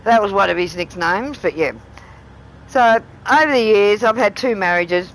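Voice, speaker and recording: A woman's voice: mid-range voice, animated, moderate pace, a bit bright, rough recording. A middle-aged woman with an Australian accent, chatting and rambling on a live stream and laughing often. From Tasmania, Australia. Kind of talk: casual live-stream chat.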